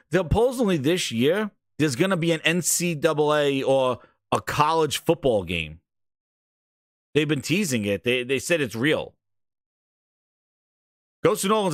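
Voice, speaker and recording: High-voiced guy ranting on a gaming stream, swears a lot, laughs constantly, voice jumps all over, dry close mic. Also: normal speed, no echo. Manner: profane, laughing, excitable. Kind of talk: casual livestream rant.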